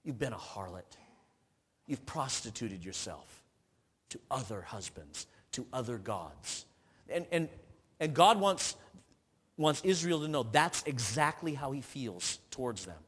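A man's voice: sing-song, unhurried, fairly bright tone, husky. Earnest preacher man in a reverberant hall. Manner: earnest, rising to emphatic peaks and dropping low; reads scripture aloud with frequent restarts. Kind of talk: sermon.

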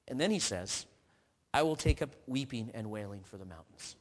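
A man's voice: animated, moderate pace. Earnest preacher man in a reverberant hall. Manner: earnest, rising to emphatic peaks and dropping low; reads scripture aloud with frequent restarts. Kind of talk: sermon.

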